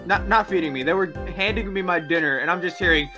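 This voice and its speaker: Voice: medium pitch, fast talker, music in the background. A friend on a game stream telling an amused story in casual chat.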